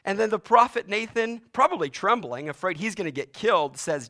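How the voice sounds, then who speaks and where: A man delivering a sermon in a dramatic storytelling manner. His voice sits slightly high and moves constantly, climbing to ringing peaks and sinking low for emphasis. He shifts between urgency and quiet gravity. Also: animated, fairly quick. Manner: dramatic storytelling, voice rising and dropping sharply for emphasis. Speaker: pastor.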